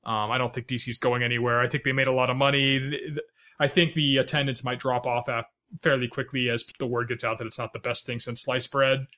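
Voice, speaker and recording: A man's voice: mid-range voice, flat delivery, a little fast, sharp tone. A man co-hosting a podcast, chatting casually about films, rambling with lots of fillers and restarts and laughing often. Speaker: podcast co-host. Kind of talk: casual movie chat.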